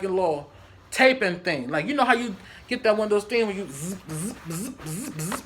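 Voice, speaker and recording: Guy doing a storytime vlog, lots of cussing, bouncy bright voice. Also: very high-pitched, slight background noise. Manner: animated, profane storytelling. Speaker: vlogger.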